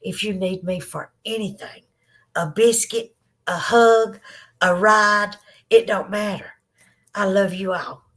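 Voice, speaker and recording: Slow and steady, with a mid-range, fairly bright tone, a Southern woman talks casually to live viewers on her podcast. She's teary from crying, and her chat comes across as loving and emotional.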